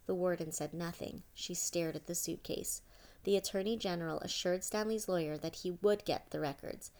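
Lady reading a novel out loud, calm even storytelling, lowish voice. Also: normal speed. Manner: steady storytelling, voices each character. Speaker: audiobook narrator. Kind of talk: scripted narration.

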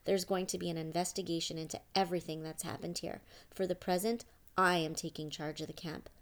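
A woman voicing a stern male state official who talks in a crisp, brisk manner. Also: fairly low pitch, fairly even intonation, lightly acted. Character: authoritative male attorney general, stern official.

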